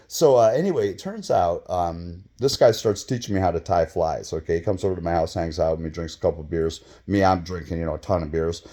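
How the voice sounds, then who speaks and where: A man in his fifties telling a casual story, rambling and profane, with many fillers and sudden bursts of excitement. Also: low voice, fairly quick, few pauses. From Michigan, US. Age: 50s. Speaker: vlogger telling his own stories.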